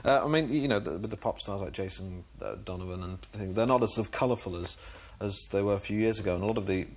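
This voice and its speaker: A man's voice: lowish voice, quick pace. A young man being interviewed on a TV chat show, hesitant and self-deprecating, with many stumbles and restarts. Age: young adult. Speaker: guest impressionist. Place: TV studio.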